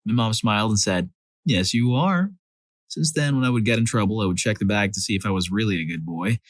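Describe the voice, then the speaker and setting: A man narrating a series of reader-submitted stories as a scripted storyteller, lively when he voices the quoted lines. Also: on the low side, quick pace, dry recording.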